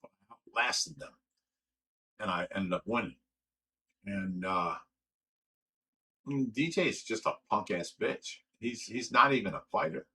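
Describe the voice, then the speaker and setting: A man chats on a livestream, reading viewer comments in a brash, boastful manner. His voice is low and husky, with a bright, forceful edge to it. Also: expressive, measured pace, pauses often, rough recording. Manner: brash, boastful trash talk. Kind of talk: casual livestream chat.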